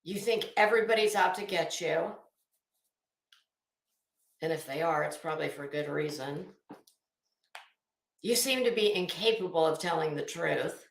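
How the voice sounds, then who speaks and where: A woman's voice: sits low, unhurried, creaky, pauses often, echoey room. A woman hosting a live commentary stream, talking in a sassy, blunt, profane way and calling people honey.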